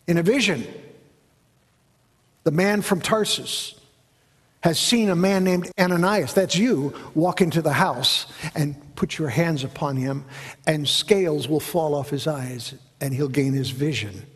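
Man, pastor, sermon, high-pitched, husky voice, storytelling delivery, long hall echo. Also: unhurried. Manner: animated storytelling preaching, asks the congregation questions. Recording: echoey hall.

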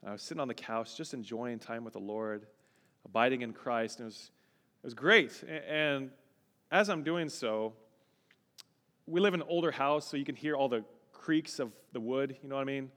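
A man's voice: mid-range voice, normal speed. Male pastor preaching in a reverberant hall. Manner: expressive storyteller, building to fervent exhortation. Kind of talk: sermon with personal storytelling. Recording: long reverb, large hall.

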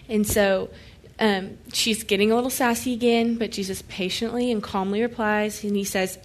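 A woman of ordinary middle pitch leads a Bible study, reading scripture aloud and unpacking it in plain conversational talk. Now and then she slips into lively everyday voices to paraphrase the people in the story. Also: moderate pace. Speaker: Bible teacher.

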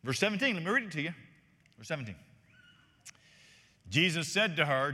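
A man's voice: a little high, lively intonation, a little fast, pauses often, pushed and bright, in a large hall. A man preaching a sermon as senior pastor, emphatic and reading scripture aloud.

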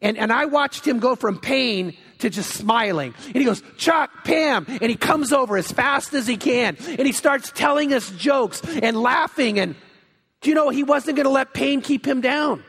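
Male pastor, high voice, animated storyteller, sanctuary reverb. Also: normal speed, breathy edge. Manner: animated storytelling, acts out quotes. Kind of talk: sermon. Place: church sanctuary. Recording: long hall reverb.

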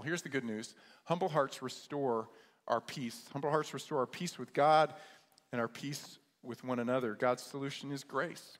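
A pastor with a medium-pitched voice delivers a sermon at a moderate pace, repeating key words and posing rhetorical questions to his listeners. The recording has the long reverb of an echoey hall.

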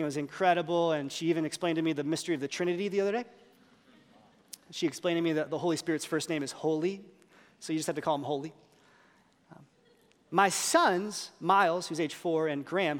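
A man in his thirties, a pastor preaching a sermon and telling self-deprecating stories about his young children. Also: fairly high pitch. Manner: self-deprecating storytelling, lively voice changes. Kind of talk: sermon with humorous family stories. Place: church hall. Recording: long reverb of a large hall.

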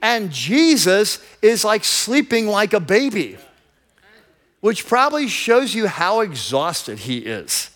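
High-voiced male pastor telling a story. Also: a bit bright. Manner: conversational, vivid storytelling; enthusiastic. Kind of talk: sermon.

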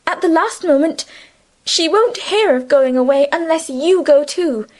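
Tender young schoolgirl in an audiobook , read by a woman; high, soothing, earnest. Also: expressive, unhurried, a little mellow. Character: gentle affectionate schoolgirl friend, young woman. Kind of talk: audiobook character reading.

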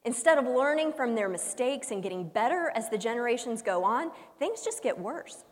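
A woman's voice: a little high, animated. Woman preacher in a reverberant hall. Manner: humorous storytelling with dramatic pauses; swings between loud emphasis and soft hushed lines. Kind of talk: sermon. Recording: long reverb of a large hall.

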